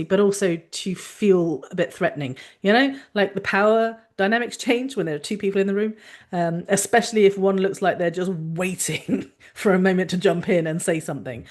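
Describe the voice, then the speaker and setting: Frank, chatty woman doctor. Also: on the low side. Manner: chatty, frank, animated asides. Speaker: doctor and podcast host. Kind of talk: casual explanatory talk.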